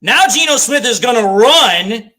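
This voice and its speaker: High-pitched ranting male fan commentator. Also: animated, a little slow, pushed and bright. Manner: ranting, swears freely, repeats complaints. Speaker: fan watch-party host. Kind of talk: live play-by-play fan commentary.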